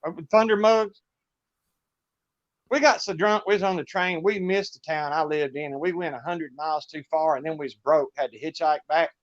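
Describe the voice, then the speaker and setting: A middle-aged man with a Southern US accent, a guest musician on a livestream, chats casually and tells rambling stories in a folksy way, laughing often. His voice is fairly high and his pace normal, and the recording is dry and dull.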